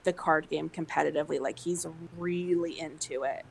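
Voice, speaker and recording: A woman's voice: low-pitched, fairly even intonation, moderate pace, vocal fry, slight background noise, poor audio. A woman co-hosting a podcast, telling a story in casual chat with many fillers. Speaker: podcast co-host.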